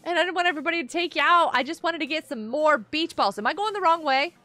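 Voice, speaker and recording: A woman's voice: high-pitched, fast talker, sharp tone, faint music behind. A woman in her thirties chatting with viewers while she plays on a live gaming stream, bubbly and giggly.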